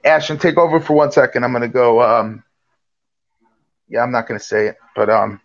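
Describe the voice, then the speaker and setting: Gravelly man joking over dull lo-fi audio. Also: mid-range voice, moderate pace. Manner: joking, teasing, rambling. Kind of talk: casual livestream banter.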